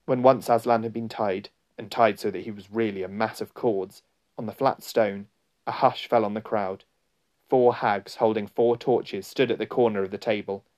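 Male storybook narrator, low voice, unhurried dramatic reading. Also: steady tone, darkish tone. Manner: slow, deliberate, dramatic. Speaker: audiobook narrator.

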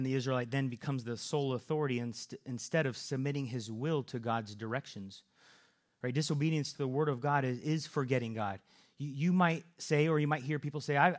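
A man preaching a sermon, earnest, often repeating and restarting words. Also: medium pitch.

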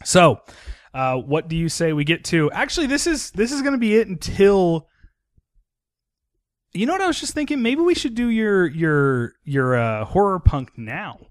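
A man with a fairly high voice that swings up and down a lot, sounding close and dry. He chats casually, jokes and gives shout-outs as a podcast host. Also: big pitch swings, normal speed, no room sound.

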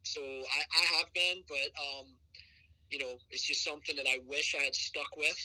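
A man's voice: fairly high pitch, steady tone, normal speed, bright, forceful tone, rough recording. A middle-aged man from Scotland with a mild Scottish accent, a college soccer coach answering podcast questions in a rambling way full of "you know". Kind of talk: podcast interview.

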